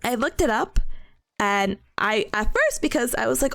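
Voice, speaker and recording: A young woman streaming and chatting casually with her viewers, animated and quick to laugh at herself. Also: fairly high pitch, vocal fry. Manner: animated, laughs often, self-mocking. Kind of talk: casual chat with live chat.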